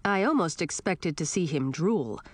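Expressive woman narrating an audiobook. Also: lowish voice, moderate pace, no room sound. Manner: expressive first-person storytelling.

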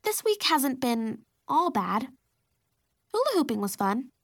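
A woman voicing a bossy but caring younger sister who speaks calmly and earnestly. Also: sits high, takes it slowly, no room sound, heavily acted. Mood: fond.

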